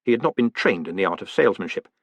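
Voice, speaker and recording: A man reading a fantasy novel aloud as an audiobook, with expressive, wry storytelling. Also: low voice, rapid-fire, dry recording. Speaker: audiobook narrator. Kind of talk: audiobook narration.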